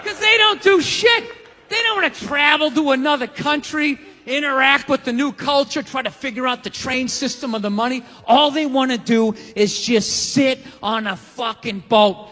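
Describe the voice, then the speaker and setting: High bright ranting comedian man, reverberant hall, faint crowd. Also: normal speed. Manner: ranting, emphatic, profane. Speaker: stand-up comedian. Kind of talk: stand-up comedy.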